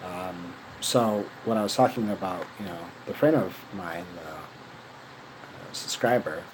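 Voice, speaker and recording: A man's voice: low voice, a little slow, noisy background. Rambling, profane young guy. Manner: casual, profane, filler-heavy slang. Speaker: vlogger. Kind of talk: rambling personal story.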